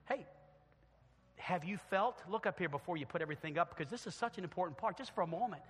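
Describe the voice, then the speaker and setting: A male pastor preaching a sermon and altar call in a church, swinging from loud acted quotes to quiet earnest appeals. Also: high voice, lively intonation, fast, breathy edge. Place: church sanctuary. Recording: long church hall reverb.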